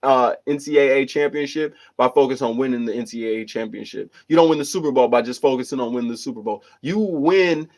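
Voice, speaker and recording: Hosting a livestream, a man reads out viewer comments and gives earnest, rambling motivational talk full of restarts and repeated phrases. His voice is medium-pitched and a little mellow, and he talks fast with hardly any pauses.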